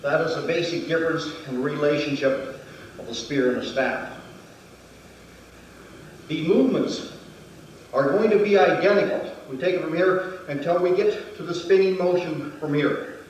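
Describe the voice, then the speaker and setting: A man's voice: fairly high pitch, normal speed, long pauses, highs cut off, a little hiss or hum. A man instructing a weapons demonstration in a methodical way, counting out each movement. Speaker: martial arts instructor. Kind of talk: demonstration lesson. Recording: very echoey hall, distant mic.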